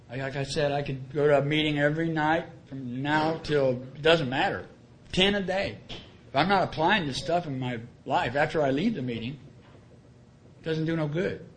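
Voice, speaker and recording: A man's voice: a little high, slight background noise. A man sharing his personal story at a recovery meeting, earnest and colloquial, often repeating his key phrases. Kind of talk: plain-spoken personal testimony.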